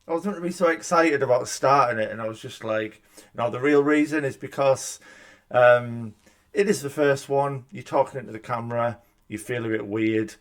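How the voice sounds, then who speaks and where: A man's voice: mid-range voice, moderate pace. A man, a gaming YouTuber talking in a casual, chatty, self-deprecating way at a desk mic in a room at home. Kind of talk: casual reaction vlog. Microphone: desk microphone.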